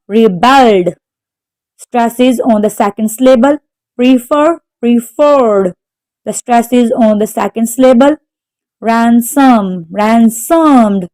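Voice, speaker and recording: A woman teacher slowly reading out textbook exercise answers, carefully naming the stressed syllable of each word. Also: on the high side, dark tone, rough recording. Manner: slow, careful dictation, spelling out word stress. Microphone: home microphone.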